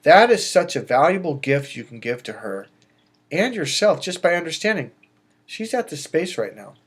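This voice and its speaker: A middle-aged man, a dating coach, giving emphatic advice straight to camera, swinging between loud bursts and quiet asides. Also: fairly high pitch, very animated, moderate pace, husky. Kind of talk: direct-to-camera advice monologue.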